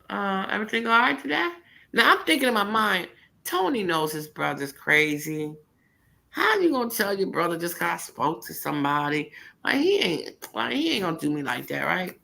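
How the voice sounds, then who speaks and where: A middle-aged woman casually telling a personal story, animated and laughing, jumping into high voices for quotes. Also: creaky, low-quality recording.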